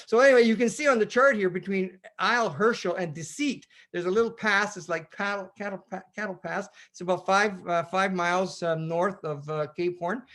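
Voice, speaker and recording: High-voiced Canadian man spinning a sea yarn. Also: normal speed, hardly any pauses. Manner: lively, rambling, acts out radio calls in voices. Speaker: sailor giving a presentation. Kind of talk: animated storytelling talk. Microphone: video call.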